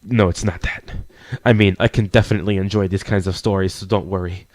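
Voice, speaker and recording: A man reading a visual novel aloud as a let's player, adding quick asides between the narration. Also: low-pitched, fairly even intonation, a little mellow, no room sound.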